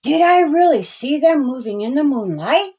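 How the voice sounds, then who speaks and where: A woman reading aloud her own rhyming children's story in a slow, sing-song storytelling manner. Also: high-pitched, lively intonation, mellow. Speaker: storyteller and author.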